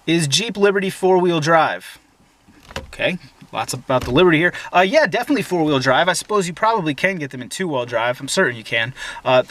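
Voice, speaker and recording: A man's voice: fairly high pitch, a bit bright. A young man hosting a casual car Q&A from inside a parked SUV, opinionated and joking, with many fillers. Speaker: host. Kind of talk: casual automotive Q&A.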